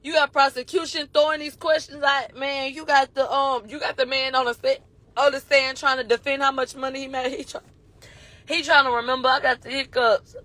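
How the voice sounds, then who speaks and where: A woman with a high voice recaps a courtroom day in loose, slangy storytelling. She strings quotes together in a rapid he-said chain. The sound is dry and close. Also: no room sound. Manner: animated, slangy, retells quotes in a running he-said chain. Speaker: commentator recapping a trial.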